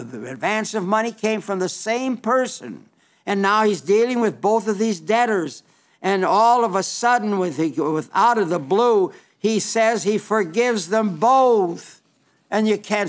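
A man preaching a sermon in an earnest, emphatic way, often restarting his sentences. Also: sits high.

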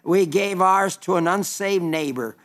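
High-voiced earnest Oklahoma preacher. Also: male voice, unhurried, a bit bright. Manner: earnest, emphatic, repeats phrases. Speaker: broadcast preacher. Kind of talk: sermon with listener letters.

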